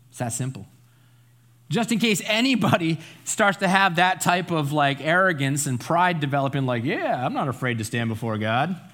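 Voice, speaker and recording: A pastor with a mid-range, fairly bright voice preaches a Bible study sermon. His style is conversational yet emphatic, full of asides and tag questions.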